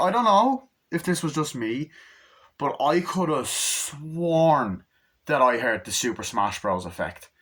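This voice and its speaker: Young man, casual phone-recorded movie rant; eager, profane, acts out lines mid-sentence. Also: mid-range voice. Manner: excited, swears a lot, acts out scenes with quick voices. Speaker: movie reviewer. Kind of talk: casual rambling movie review.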